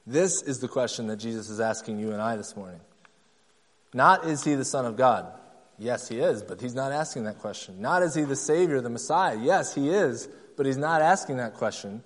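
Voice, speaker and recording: A man's voice: medium pitch, lively intonation, moderate pace, big-room sound. A man preaching a sermon, emphatic and repetitive, acting out the people he quotes. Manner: emphatic, acts out quoted voices, repeats key phrases. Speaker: pastor.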